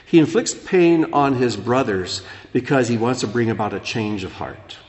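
A man preaching a sermon as pastor, dropping low and soft, then rising loud and animated. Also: normal speed. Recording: echoey hall.

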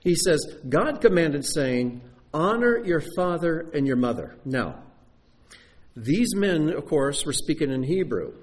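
A man preaching a sermon to his congregation, animated and talking straight to them with questions. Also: on the high side, a little slow. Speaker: pastor. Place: sanctuary before a congregation.

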